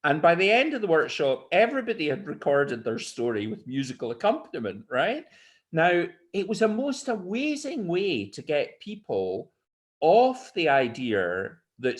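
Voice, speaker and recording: An older Scottish man telling stories and anecdotes as an interview guest, lively and expressive. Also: a little high. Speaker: storyteller guest. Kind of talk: animated anecdotal storytelling.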